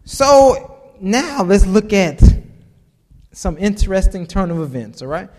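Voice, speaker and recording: A man's voice: high voice, very animated, slow, darkish tone, long reverb tail. A man preaching a casual sermon, reading scripture aloud and adding chuckling, conversational asides.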